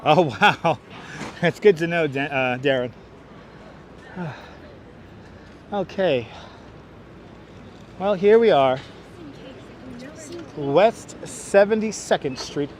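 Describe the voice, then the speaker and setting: Brooklyn man, tour-guide livestreamer, slightly high voice, faint traffic behind, clip-on mic outdoors. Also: animated, very slow, pauses often. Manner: chatty, talks to viewers while walking. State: out of breath from walking uphill. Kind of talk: walking livestream tour commentary. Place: outdoors in a city park. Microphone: wireless clip-on mic.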